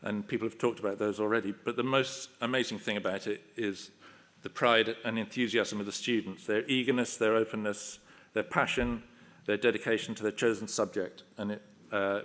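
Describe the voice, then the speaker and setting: A man's voice: lowish voice, steady tone, moderate pace, a bit bright. An older man giving a self-deprecating, humorous acceptance speech at a ceremony, telling anecdotes on a podium microphone in a hall. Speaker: honorary award recipient.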